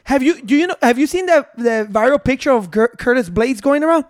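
A man in casual banter, loud and joking, swearing and switching into Spanish. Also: very high-pitched, expressive, a little fast, no room sound, clean studio sound.

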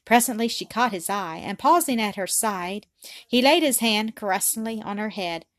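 A woman reads an old-fashioned novel aloud in a calm, steady narrating voice. Her pitch is in the middle range. The sound is dry, with no room echo. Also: normal speed. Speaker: audiobook reader. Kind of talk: scripted narration.

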